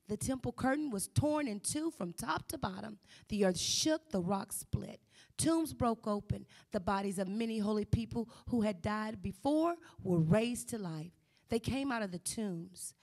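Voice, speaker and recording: A woman reading a scripture passage aloud in a steady, careful way, with small slips. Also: on the high side. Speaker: scripture reader.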